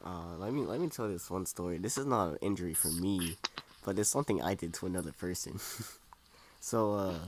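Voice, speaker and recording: A young man with a fairly low voice, chatting casually on a podcast call and telling stories in a laid-back way. His audio comes with a clear hiss of noise behind it. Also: a little fast. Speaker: podcast co-host.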